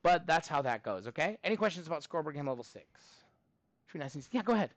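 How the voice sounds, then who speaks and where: A man teaching a middle school math class, talking in a playful, animated way with many fillers. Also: fairly high pitch, racing, no room sound, poor audio. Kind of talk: classroom lesson.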